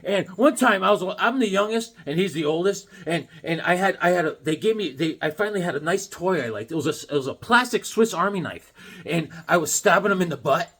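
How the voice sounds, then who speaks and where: Casual male vlogger, high voice that jumps all over, excitable and rambling with groan-worthy jokes. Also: fairly quick, slightly rough. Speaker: comic book collector showing new comics. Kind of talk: casual vlog chat.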